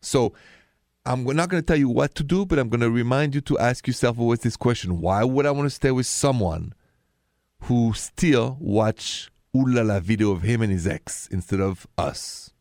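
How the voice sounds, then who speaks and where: A man with a French accent hosts a radio advice show and speaks frank and emphatic. His voice sits at a middle pitch. The sound is close and dry. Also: moderate pace, darkish tone, no room sound. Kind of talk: call-in relationship advice.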